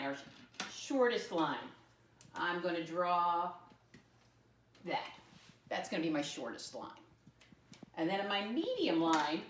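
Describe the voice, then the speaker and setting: A woman teaching young children a math lesson, talking slowly, spelling words out letter by letter, and making playful jumps in pitch. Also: far from the mic, slight background noise. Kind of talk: early-grade math lesson. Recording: roomy sound from off-mic.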